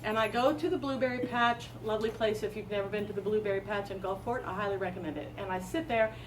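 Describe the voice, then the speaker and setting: A woman's voice: mid-range voice, fast, recorded from a distance, noisy background. A woman in her late fifties hosting a talk show, telling a rambling, self-deprecating story to a live audience. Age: late 50s. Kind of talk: casual chat to a live audience.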